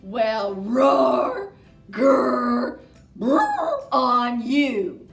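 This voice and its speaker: A woman's voice: a little high, lively intonation, takes it slowly, pushed and bright, far from the mic, soft background music, full character voice. A woman doing a bellowing, boastful giant. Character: huge, boastful, bullying male giant. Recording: roomy echo.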